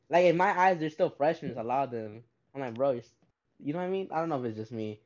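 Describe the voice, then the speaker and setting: A man's voice: medium pitch, animated, a little mellow, highs cut off. A teenage boy in casual chat, ranting in slangy speech with a lot of swearing. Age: teens. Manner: fast slangy rant with frequent swearing. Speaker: podcast co-host.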